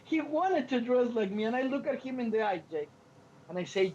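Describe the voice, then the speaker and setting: A man co-hosting a podcast, telling stories in an animated way and acting out the quotes, with frequent restarts. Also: very high voice, a little fast, a little hiss or hum. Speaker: podcast co-host. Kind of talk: casual podcast chat. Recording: lo-fi podcast audio.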